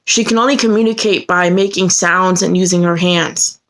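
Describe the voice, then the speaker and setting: A woman's voice: fairly even intonation, normal speed, fairly bright tone. A woman telling a personal story to the camera in an earnest way. Her voice climbs sharply when she gets indignant. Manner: earnest, heated retelling that rises sharply in pitch when indignant.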